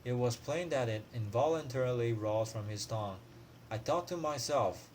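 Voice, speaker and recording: A man reading a classic story aloud as a student, at a steady pace with frequent slips and restarts. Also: medium pitch, normal speed, a little hiss or hum. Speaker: student reader.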